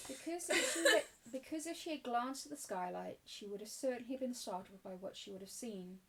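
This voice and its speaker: A woman reading a novel aloud in a steady reading voice, with small restarts now and then. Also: on the high side, far from the mic, low-quality recording. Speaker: audiobook reader.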